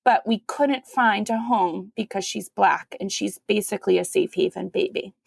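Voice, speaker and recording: A woman who is a guest on a podcast, telling her story in a conversational way and acting out the quoted voices with big jumps in pitch. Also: moderate pace, vocal fry, slightly rough, dry recording. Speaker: podcast guest, mother of five.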